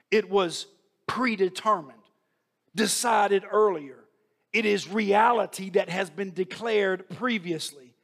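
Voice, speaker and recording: A man preaching a sermon, delivering a rhythmic repeated refrain and quoting scripture. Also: sits high.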